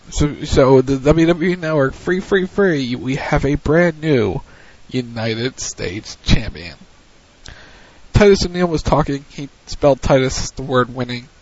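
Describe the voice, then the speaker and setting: A man hosting a wrestling recap, retelling the action play-by-play in a casual way. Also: mid-range voice. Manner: recounts events in a hurried play-by-play, with frequent restarts. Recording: dull lo-fi audio.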